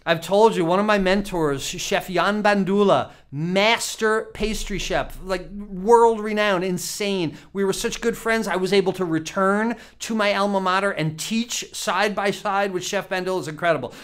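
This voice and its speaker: A man's voice: high-pitched, normal speed, hardly any pauses, fairly bright tone, clear, resonant tone. A man teaching cooking in a casual, chatty way, asking the viewer questions and laughing often. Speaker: cooking instructor. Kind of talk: casual teaching talk to camera.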